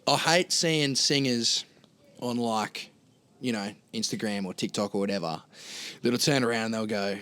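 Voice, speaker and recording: A man's voice: mid-range voice, moderate pace, a bit bright, smooth. An Australian man, a singer and guest in a casual chat, blunt and ranting.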